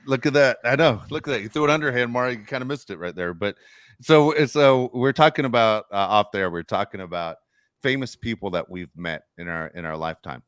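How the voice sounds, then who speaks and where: A middle-aged man hosting a sports podcast, telling stories in casual, animated chat. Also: fairly low pitch, fairly quick, clean tone, no room sound, studio quality. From Los Angeles area. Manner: storytelling, animated, swears casually. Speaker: podcast host.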